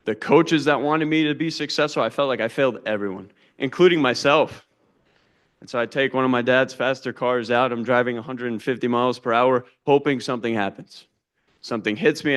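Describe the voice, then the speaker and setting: A man's voice: mid-range voice, fairly bright tone. A young man giving an earnest, plain-spoken personal testimony as a conference speaker, with frequent ums and you-knows. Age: young adult.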